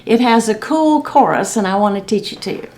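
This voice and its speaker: A woman librarian reading a story aloud to children and teaching a sing-along song, gentle and expressive. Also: medium pitch, a little fast.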